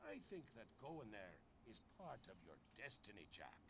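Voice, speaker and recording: An actor playing an old dragon in human form in a video game. He speaks in an unhurried, fatherly way, calling the young hero "lad". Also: fairly low pitch, very animated, noisy background.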